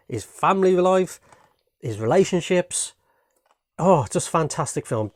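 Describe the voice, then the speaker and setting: A man's voice: fairly high pitch, a little mellow, dry recording, studio quality. A man from Britain casually reviewing his latest home movie watches, rambling and enthusiastic, peppering his talk with "man" and "you know what I mean".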